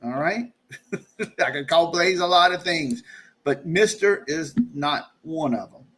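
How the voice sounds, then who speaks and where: A man's voice: on the high side, unhurried, a bit bright, breathy edge. A man hosting a casual live stream from home during a storm, jokey and chuckling, with rambling asides. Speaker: livestream host.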